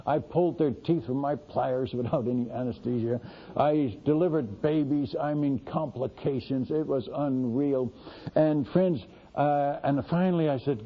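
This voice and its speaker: Gravelly older man telling a sermon story. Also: medium pitch, a little slow. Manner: folksy, animated, exclaiming asides to the audience. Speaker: missionary preacher. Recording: dull lo-fi recording.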